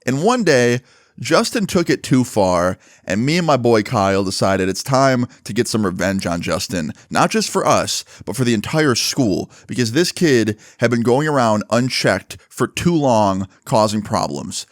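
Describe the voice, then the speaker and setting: A man casually telling a story from his school days, animated and swearing freely with lots of fillers. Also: medium pitch, measured pace, dry recording, clean studio sound.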